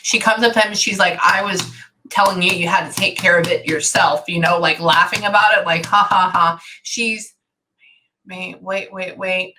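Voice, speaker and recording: Woman medium, bright edge, stop-start delivery, keeps cutting herself off. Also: on the low side, a little hiss or hum. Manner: halting, animated, many self-interruptions. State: tearful at times. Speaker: psychic medium. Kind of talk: channeling session.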